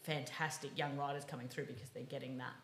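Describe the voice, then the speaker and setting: A low-pitched woman talks fast and chatty as an interviewer, thinking aloud with fillers. The room is echoey, with a faint hum of background behind her. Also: fairly even intonation. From Australia. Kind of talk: conversational interview.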